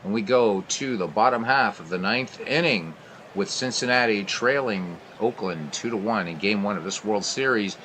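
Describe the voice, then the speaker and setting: A man hosting a baseball replay stream, calling the plays and chatting between pitches. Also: normal speed, a bit bright, slight background noise. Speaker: play-by-play host. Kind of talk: baseball game replay commentary.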